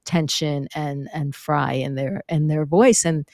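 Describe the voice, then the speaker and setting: A middle-aged woman, a vocal coach, telling stories in an interview, animated and acting out what others said. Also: sits low, unhurried, no room sound, clean studio sound. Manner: animated, acts out quotes, demonstrates vocal fry. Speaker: speaking and vocal coach, guest. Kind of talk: conversational interview storytelling. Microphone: close microphone.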